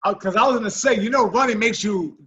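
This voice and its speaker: Bright, husky-voiced joking podcast host. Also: male voice, high voice, quick pace, lo-fi sound. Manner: joking, profane, slangy banter. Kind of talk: casual chat.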